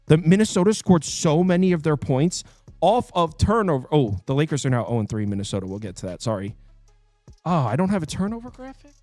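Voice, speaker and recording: A man hosting a sports betting picks show, talking casually and quickly, full of fillers and quick asides. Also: a little high, no echo. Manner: animated, quick, with fillers and self-interrupting asides.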